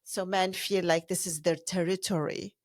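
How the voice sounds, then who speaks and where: A woman co-hosting a casual chat show, speaking calmly and directly and asking pointed questions. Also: lowish voice, moderate pace, dry recording, clean studio sound. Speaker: podcast co-host.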